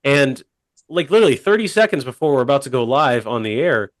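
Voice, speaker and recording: A man telling a funny story on a podcast in a deadpan, rambling way, full of fillers. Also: medium pitch, fairly quick, dry recording. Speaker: podcast co-host. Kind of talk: casual comedic storytelling.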